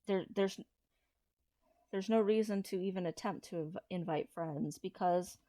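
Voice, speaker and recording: A trans man in his thirties, talking through a personal confessional vlog in a low-key, hesitant way with frequent restarts. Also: dark tone, dry recording. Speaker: vlogger.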